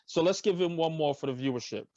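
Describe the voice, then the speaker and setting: A man's voice: a little high, animated, quick pace, dark tone, dry recording, highs cut off. A man co-hosting a casual sports podcast, ranting emphatically about his team's players. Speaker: podcast co-host.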